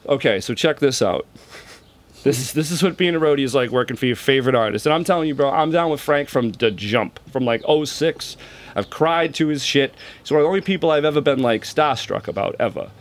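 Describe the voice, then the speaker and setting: A man in his thirties talks as a guest on a casual podcast. He rambles in a laid-back way, swears freely and pokes fun at himself. His voice sits at an ordinary middle pitch. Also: lively intonation, a little fast. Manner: laid-back, profane, self-deprecating, rambling. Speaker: podcast guest, touring roadie and musician. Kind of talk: casual interview chat.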